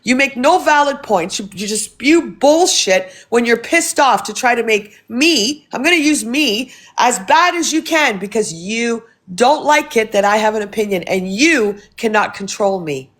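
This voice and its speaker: A woman's voice: fairly high pitch, lively intonation, measured pace, hardly any pauses, a bit bright. A woman hosting a phone livestream, ranting in a heated, profane and confrontational way while thanking viewers for gifts. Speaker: livestream host. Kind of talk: casual livestream rant.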